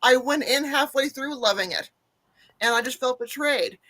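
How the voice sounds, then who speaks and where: A woman's voice: sits high, normal speed, sharp tone. A woman co-hosting a podcast, giving emphatic and earnest opinions in casual discussion. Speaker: podcast co-host.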